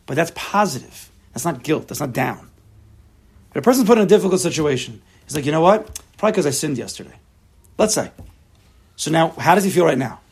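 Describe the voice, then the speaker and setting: Gravelly, husky man teaching a class. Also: on the high side, animated, brisk, pauses often, darkish tone. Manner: emphatic, acts out imagined inner voices. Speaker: teacher of a religious text class. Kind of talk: Torah class lecture, explaining a text to students.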